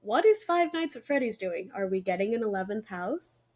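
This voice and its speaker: A young woman co-hosting a podcast in casual chat, excited and talkative with lots of fillers. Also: medium pitch, normal speed. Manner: excited, chatty, many fillers. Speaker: podcast co-host.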